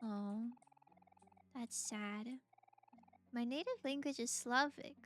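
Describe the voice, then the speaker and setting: A woman's voice: on the high side, slow, fairly bright tone, slight background noise. A young woman streaming a game, chatting casually with viewers, gushing and giggling often. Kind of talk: casual gameplay chat, reacting to viewers.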